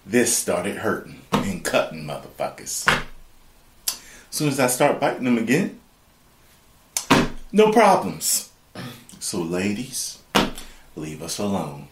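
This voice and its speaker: Reaction host: a man with a low, lively delivery, profane and joking, in an echoey room. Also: noisy background. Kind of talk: casual reaction commentary.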